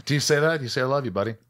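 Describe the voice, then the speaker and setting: A man hosting a podcast, candid and animated, laughing and swearing freely. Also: medium pitch. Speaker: podcast host. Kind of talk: casual chat.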